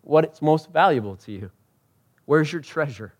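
Man preaching, loud peaks and hushed lows. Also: expressive, normal speed. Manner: conversational, self-correcting, asks the crowd. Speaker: pastor. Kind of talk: sermon.

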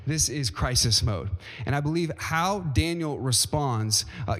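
A man preaching in a church with a slightly high voice that rings out across a big reverberant hall. He delivers his sermon emphatically and keeps turning to the congregation with questions and calls to respond. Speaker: pastor. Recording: long reverb of a large hall.

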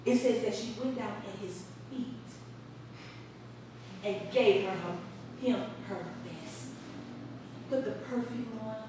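Woman preacher, chatty storytelling sermon with questions to the room, high voice heard from afar in a reverberant sanctuary with faint hiss. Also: slow pace, pauses often, far from the mic. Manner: storytelling, asks the congregation questions, laughs often. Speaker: preacher addressing a congregation. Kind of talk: conversational sermon. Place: church sanctuary.

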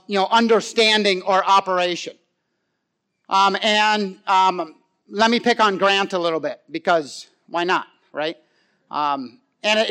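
A middle-aged man delivers a sermon in a high, light voice. He talks loosely, with plenty of fillers and questions thrown to the congregation. He rises to loud, lively stretches and drops to near-hushed emphasis. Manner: conversational, with frequent fillers and audience questions. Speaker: pastor.

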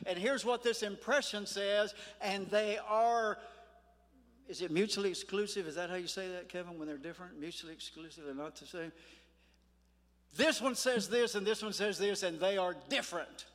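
An older man preaching a sermon in a church, folksy and emphatic, slowing down to stress words. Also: sits high, a bit bright. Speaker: pastor. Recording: echoey church hall.

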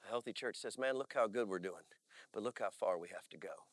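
A male pastor preaching a sermon, telling stories in an animated way and often checking in with "all right?". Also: on the low side, a little fast, no echo, clean studio sound. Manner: animated storytelling with frequent "all right?" asides.

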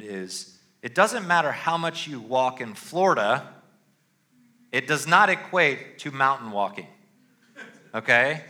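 Bright-voiced man preaching conversationally. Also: mid-range voice. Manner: conversational, punctuates with "all right?". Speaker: pastor. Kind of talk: sermon.

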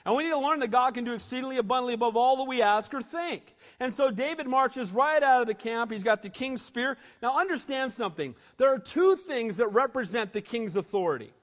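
A man preaching a sermon as pastor, emphatic and animated, calling out "amen?" to the congregation. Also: extremely high pitch, fairly quick, few pauses, in a large hall. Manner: emphatic preaching, rising to loud bursts, asking "amen?".

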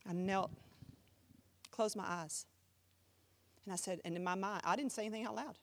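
A woman pastor preaching a sermon with animated storytelling, acting out the voices of the people she quotes. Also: mid-range voice, moderate pace, long reverb tail.

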